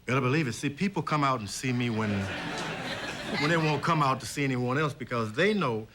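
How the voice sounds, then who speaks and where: A man's voice: medium pitch, brisk. Chuckling man telling stories, noisy broadcast. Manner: chuckling, acts out quoted voices. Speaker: talk show guest. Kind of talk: anecdotal talk-show storytelling. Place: TV studio.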